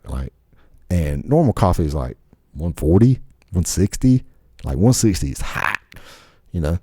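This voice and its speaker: A man's voice: low voice, very animated, a little slow, warm tone, breathy edge, dry recording, clean studio sound. A podcast host man in a casual, rambling rant full of crude swearing.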